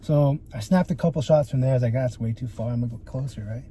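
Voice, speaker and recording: This fast-talking young man has a medium-pitched voice, with slight background noise around him. As a guest photographer on a casual podcast, he tells lively, profane stories stuffed with "dude" and "like."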